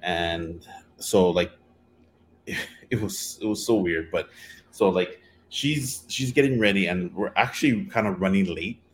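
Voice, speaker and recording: A man's voice: low voice, unhurried, a little hiss or hum. A man telling a long story in casual chat, rambling with many fillers and acting out quotes.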